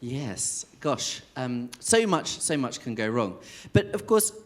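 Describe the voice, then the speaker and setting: A man's voice: medium pitch, sing-song, slow pace. A man interviewing a guest onstage in a theatre, hesitant and searching for his words. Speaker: interviewer, association chair.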